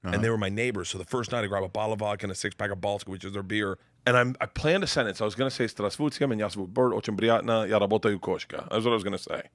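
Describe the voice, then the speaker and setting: A man's voice: on the low side, racing, fairly bright tone. A middle-aged man telling a rowdy, profane stand-up story, often laughing through his lines. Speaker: stand-up comedian.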